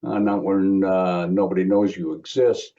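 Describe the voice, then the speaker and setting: A man's voice: low voice, level tone, a little slow, warm tone, lo-fi sound. A man in his seventies giving a remembrance speech as a guest speaker, telling a personal story with wry asides. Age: 70s.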